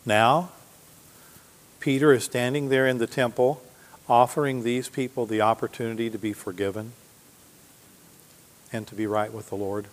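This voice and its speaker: A man's voice: medium pitch, fairly even intonation, normal speed, long pauses. Male preacher, mid-range voice, teaches verse by verse and quizzes the congregation; long hall reverb. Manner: teaching Bible verses, reading scripture aloud with emphasis; asks the congregation questions. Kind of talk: sermon. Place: church sanctuary.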